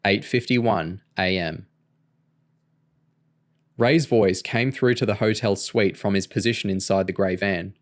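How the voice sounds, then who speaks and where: A man reading a novel aloud in an even, steady narration. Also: fairly low pitch, a little slow, pauses often. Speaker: audiobook reader.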